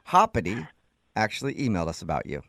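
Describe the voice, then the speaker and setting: Guy hosting morning radio, talks quick and lively, low voice, dry studio sound. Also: vocal fry. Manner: teasing, laughing. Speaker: radio host.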